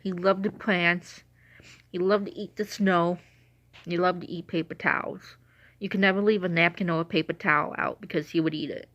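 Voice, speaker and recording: A woman's voice: fairly low pitch, fairly even intonation, moderate pace, a bit bright, no room sound, dull audio. A woman telling rambling, laughing stories in casual chat, with a runny nose and a cough. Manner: chatty, meandering, laughs often. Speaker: vlogger telling stories about her late dog.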